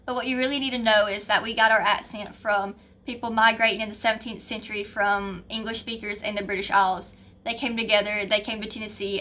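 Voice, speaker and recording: Bright-voiced Southern woman explaining. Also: fairly high pitch, slight background noise. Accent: Southern American. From American South. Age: young adult. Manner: chatty, informal explaining. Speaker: student presenter. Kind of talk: class project narration.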